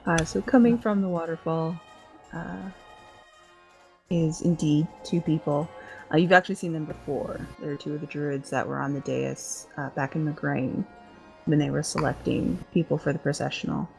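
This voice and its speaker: Woman DM, low gravelly voice, laid-back narration with a soft music bed. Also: fairly even intonation, moderate pace. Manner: laid-back, lots of filler and laughter. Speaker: dungeon master. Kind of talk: narrating a tabletop game.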